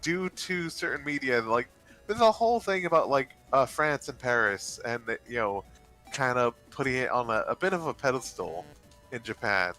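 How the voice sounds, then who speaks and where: Rambling, hesitant man with bright voice. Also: medium pitch, animated, moderate pace, soft background music. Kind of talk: casual gaming chat.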